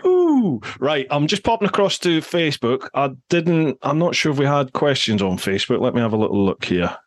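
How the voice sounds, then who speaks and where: Blunt, sweary male co-host; casual and animated. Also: mid-range voice, brisk. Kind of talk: casual chat.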